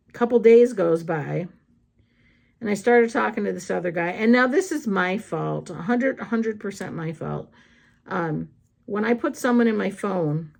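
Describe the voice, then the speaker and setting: Blunt chatty woman with a gravelly voice. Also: mid-range voice, darkish tone. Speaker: vlogger. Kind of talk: casual storytelling while crafting.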